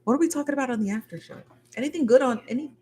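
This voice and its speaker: Her voice sits high and a little mellow, coming out rapid-fire over a slight hiss or hum. This livestream host is running a relaxed after-show stream, sounding chatty and somewhat worn out as she laughs, says hello to viewers, and reads the chat aloud.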